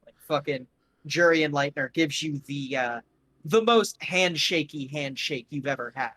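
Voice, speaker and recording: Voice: medium pitch, unhurried, fairly bright tone. A game master narrating a tabletop game in a rambling, casual, profane way.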